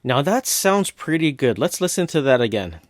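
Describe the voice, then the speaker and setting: Male tutorial host, step-by-step casual walkthrough, dry close sound, mid pitch. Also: normal speed, dry recording. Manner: relaxed step-by-step narration with casual fillers. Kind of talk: screen-recorded software walkthrough.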